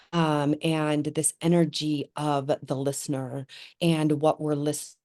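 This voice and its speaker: A middle-aged woman with a low voice gives a loose, unscripted spiritual talk. Her tone is mellow and soft-edged. She thinks aloud as she goes, wandering between ideas with fillers and restarts. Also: flat delivery, takes it slowly. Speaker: spiritual teacher. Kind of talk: spontaneous spoken teaching.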